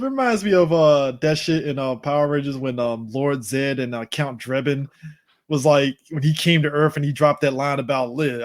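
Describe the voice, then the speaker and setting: Laid-back male podcast co-host. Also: fairly high pitch. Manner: laid-back, laughing, swearing, quotes characters. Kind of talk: casual fan chat.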